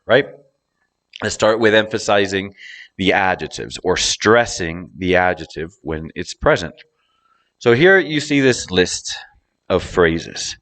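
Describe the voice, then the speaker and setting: A man teaching English pronunciation, explaining with drawn-out words and exaggerated stress on key words. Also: lowish voice, a bit bright. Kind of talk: slow, deliberate lesson explanation.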